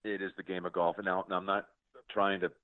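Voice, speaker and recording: A man's voice: sits low, level tone, fast, no echo. A man in his sixties hosting a conversational interview, effusive and often stammering over repeated words. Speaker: host. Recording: tinny phone-like sound, dry.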